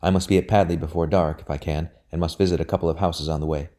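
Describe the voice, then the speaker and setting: Storybook figure: a man playing an anxious young gentleman, fretful, peevish, deep-voiced. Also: steady tone, fast, close to an everyday voice. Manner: fretful, complaining.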